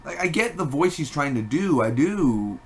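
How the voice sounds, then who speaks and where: A man giving a casual spoken movie review, rambling and animated, with many fillers and restarts. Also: on the high side, normal speed, slight background noise.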